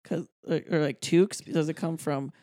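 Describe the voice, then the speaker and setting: Woman co-host, very low pitch, dry sound, quick interjections and side comments. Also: little pitch movement, dark tone, no echo. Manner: chiming in, finishing the other's sentences. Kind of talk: casual chat.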